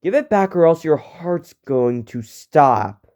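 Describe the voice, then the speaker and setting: A young man voicing a furious young male hero who yells his grievances, in an amateur fan story reading. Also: on the high side, animated, slow pace, muffled recording. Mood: cold. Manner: angry, yelling.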